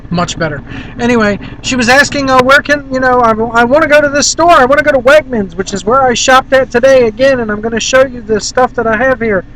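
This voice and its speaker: A man's voice: extremely high pitch, brisk, sharp tone, a little hiss or hum, low-quality recording. A man from Virginia rambling casually and bluntly to the camera in a vlog, filmed on a handheld camera in a car. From Virginia, USA. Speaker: vlogger.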